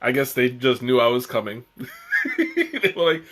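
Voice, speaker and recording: A man's voice: mid-range voice, animated, normal speed, long pauses, a bit bright. A young man hosting a live tea tasting stream, chatting casually in a rambling way with restarts and chuckles.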